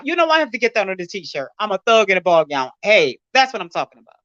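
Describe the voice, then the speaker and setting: Bright, animated woman hosting a live chat. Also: medium pitch, dry recording, highs cut off. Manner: giggly, emotional, quick to tear up. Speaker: host of an online community stream.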